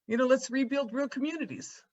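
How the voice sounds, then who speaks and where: A woman's voice: high voice, fairly quick, a little mellow, muffled recording. A woman panelist from the United States giving her opening thoughts from her rural home in a casual, wry way, full of "you know" and joking asides. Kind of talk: conversational panel talk.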